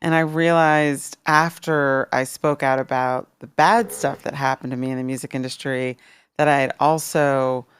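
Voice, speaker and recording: A former music executive in her fifties from Washington, D.C., appears as a guest in a casual interview, speaking candidly and reflectively. Her voice is extremely low in pitch, with fairly even intonation and a normal speed. The tone is clean, with no room sound.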